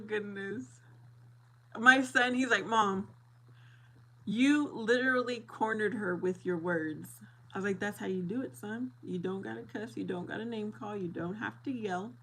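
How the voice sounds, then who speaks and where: A middle-aged woman chatting casually with viewers, animated and laughing often as she acts out both sides of a story. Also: medium pitch, measured pace, slight background noise, poor audio.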